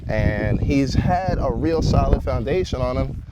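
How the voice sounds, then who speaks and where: A man's voice: medium pitch, animated, unhurried, very noisy. A man casually showing his horse and explaining its care, talking in a laid-back way with casual slang. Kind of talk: casual vlog talk.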